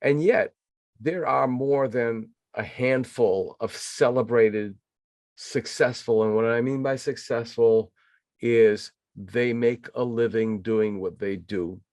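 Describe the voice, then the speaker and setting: An older man in his sixties from New England hosts a podcast, spinning animated stories packed with fillers. His voice sits at a middle pitch and sounds close and dry, with no room echo. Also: slow pace. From New England, USA. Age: 60s. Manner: animated storyteller with many fillers. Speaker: podcast host. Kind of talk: casual interview chat.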